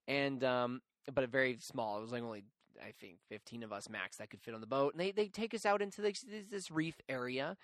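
A young man hosting a podcast and telling a story. He talks in a chatty, animated way and pokes fun at himself. His voice sits at a middle pitch, and the recording is dry and close. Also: brisk, no room sound. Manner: animated, chatty, self-mocking, with many fillers. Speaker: podcast host. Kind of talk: casual storytelling.

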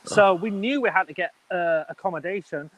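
A man's voice: high voice, fairly quick, low-quality recording. A man in his thirties with an English accent, a wedding business owner telling his story in an interview in a chatty, rambling way. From England. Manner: chatty, animated, rambling with restarts.

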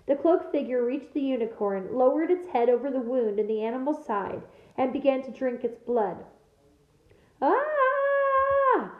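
Teacher lady reading a story to her class, fairly high voice, echoey room, kinda muffled. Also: normal speed, hardly any pauses. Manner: steady, expressive storytelling. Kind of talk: reading a novel aloud.

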